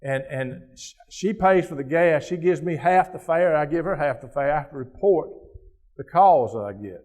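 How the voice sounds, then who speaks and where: A man's voice: a little high, expressive, normal speed, darkish tone. A man giving a keynote speech, telling a personal story in a folksy, conversational way with frequent restarts. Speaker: keynote speaker.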